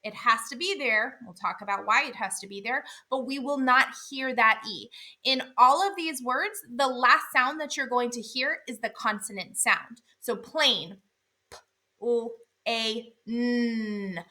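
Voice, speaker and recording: Female phonics teacher, higher-pitched and bright, clear and deliberate delivery. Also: lively intonation. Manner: clear, deliberate, sounds out letters. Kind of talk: instructional explanation.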